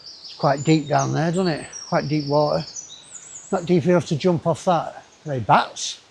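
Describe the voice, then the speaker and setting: Man, slightly high voice, gravelly fry, rambling travel commentary outdoors. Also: moderate pace, a little hiss or hum. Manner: chatty, rambling asides to himself. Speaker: travel vlogger. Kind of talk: casual walking commentary. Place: outdoors in a wooded river gorge.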